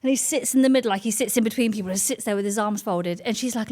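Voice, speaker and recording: A woman in her forties, a comedian, telling stories in casual podcast chat, animated and swearing often, acting out voices. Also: mid-range voice, very fast, few pauses. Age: 40s. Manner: animated, swears a lot, acts out voices in anecdotes. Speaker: comedian guest.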